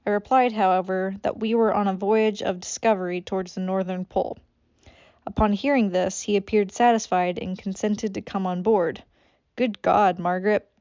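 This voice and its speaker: A woman's voice: medium pitch, fairly even intonation, normal speed, dark tone, dry recording, muffled recording. A woman reading a classic novel aloud as an amateur audiobook, stumbling over words and breaking off for swearing asides. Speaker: audiobook reader.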